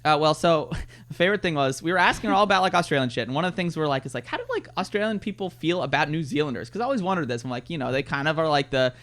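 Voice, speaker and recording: Man, podcast co-host, fast talker, boisterous, profane joking. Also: fairly high pitch, fairly bright tone. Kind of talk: casual film review chat.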